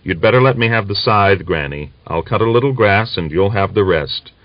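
A man's voice: on the low side, lively intonation, moderate pace, no echo, dull audio, lightly acted. A man voicing a weary, irritable Cossack soldier in a read-aloud novel. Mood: brooding. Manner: curt, irritable.

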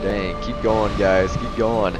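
A young man giving excitable, joking let's-play commentary, often yelling. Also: lowish voice, slow. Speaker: gaming youtuber. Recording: loud game music behind.

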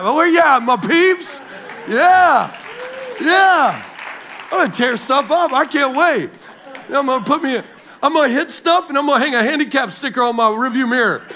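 A middle-aged man preaching to his church congregation as pastor, animated and joking with the crowd. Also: extremely high pitch. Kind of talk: sermon. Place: large church hall.

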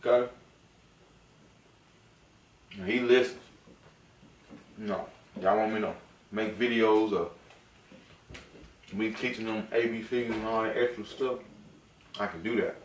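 Casual male vlogger, playful, soft-spoken father at home; roomy, distant-mic sound. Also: lowish voice, a little slow, long pauses. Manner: relaxed, playful, often softly spoken. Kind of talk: casual mukbang chat with his baby. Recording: echoey room, mic at a distance, faint noise.

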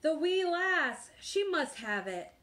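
A woman voicing a loud, blustering male pirate captain in a picture book read aloud. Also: high-pitched, expressive, measured pace, voice pushed up, heavily acted. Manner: hollering pirate talk.

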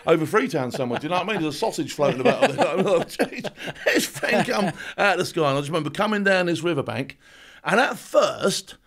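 A man, a former special forces soldier, telling animated war stories as a podcast guest, laughing often and acting out shouts and quotes. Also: on the high side. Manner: fast, laughing anecdotes with acted-out shouts and quotes. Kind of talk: animated storytelling.

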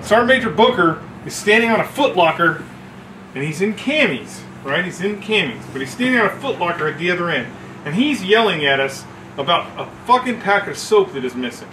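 A man telling a profane story about boot camp among coworkers, acting out shouts as he goes. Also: sits high, a little fast, echoey room, slight background noise, low-quality recording. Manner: animated, swearing, acts out shouts. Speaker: former Marine telling a story.

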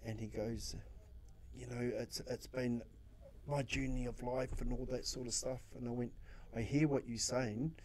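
A man's voice: mid-range voice, fairly even intonation, measured pace, a little mellow. A New man, a social worker, telling stories in a casual interview, acting out his own quotes and swearing freely. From New Zealand.

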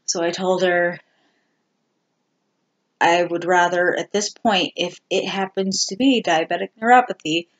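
A vlogger giving a candid personal update, talking slowly and haltingly with many ums and restarts. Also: mid-range voice, fairly even intonation. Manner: candid and self-deprecating. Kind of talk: casual personal health update.

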